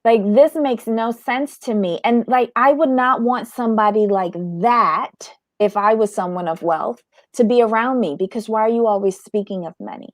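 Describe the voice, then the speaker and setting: A woman's voice: fairly high pitch, moderate pace, dry recording. A woman hosting a casual commentary chat about a reality show, reading the live chat aloud. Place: in Florida.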